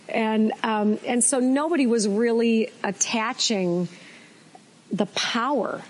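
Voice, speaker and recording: A woman's voice: a little high, a little slow, a little mellow, poor audio. Folksy American woman teaching casually. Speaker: co-host teaching faith and personality types.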